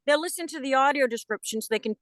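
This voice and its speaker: A middle-aged actress, a guest on a video call interview, explaining her work in a casual, lively storytelling way. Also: high voice, rapid-fire, dry recording.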